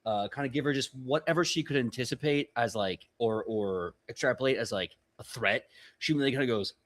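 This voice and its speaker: A man's voice: mid-range voice, fairly quick, fairly bright tone. A man narrating a tabletop game as game master, casual and full of fillers and chuckles.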